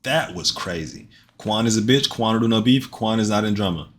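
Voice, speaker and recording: A man with a low voice talks to his stream viewers in a loose, rambling way. He jokes, swears freely and circles back to the same lines. A faint hiss sits under the sound. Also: a little fast. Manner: loose, joking and profane, repeats himself. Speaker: streamer reacting to a video. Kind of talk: casual live-stream commentary.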